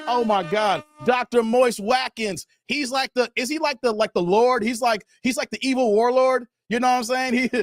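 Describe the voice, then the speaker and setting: Male livestream host, high voice, dry close mic, laughs a lot, heavy on slang. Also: no room sound. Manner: animated, laughs often, slangy, reads chat aloud. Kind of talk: casual livestream chat.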